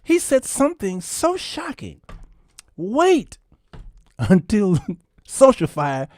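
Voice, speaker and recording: A man's voice: a little high, lively intonation, slow pace, a little mellow, dry recording, clean studio sound. A man voicing a melodramatic male narrator who hypes a scandal in an overblown way. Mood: mock dramatic. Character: breathless male narrator of a gossip video, hyping a scandal.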